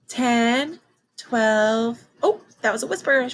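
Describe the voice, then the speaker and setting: A woman teaching a children's math lesson, excited and encouraging as she counts along with her class. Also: on the high side, drawn-out words, low-quality recording.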